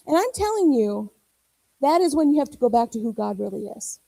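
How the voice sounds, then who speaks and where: A woman's voice: sits high, lively intonation, normal speed, mellow, no echo, low-quality recording. A woman in her forties preaching a sermon in church, telling stories with animation and acting out quoted voices.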